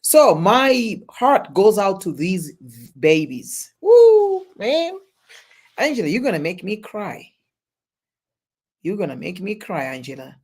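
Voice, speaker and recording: Casual live stream reaction: the host talks slowly and haltingly, restarting sentences over and over, then breaks into loud exclamations while reading viewer chat aloud. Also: medium pitch, very animated, slightly rough.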